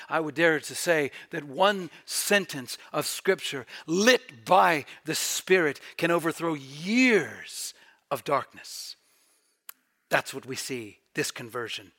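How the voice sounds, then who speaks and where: A middle-aged man preaching a sermon, swinging from quiet, reflective passages to emphatic, near-shouted peaks. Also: fairly high pitch. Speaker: pastor.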